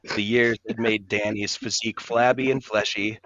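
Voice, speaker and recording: A man's voice: fairly low pitch, fairly even intonation, moderate pace, fairly bright tone, no room sound. A man co-hosting a podcast, reading a comedic story aloud in a mock-serious storytelling manner. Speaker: podcast co-host. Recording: dull lo-fi mic.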